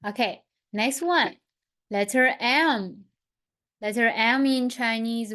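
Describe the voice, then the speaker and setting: A woman teaching an online lesson, leading slow, patient pronunciation drills and repeating each sound. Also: a little high, bright, forceful tone. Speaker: language teacher.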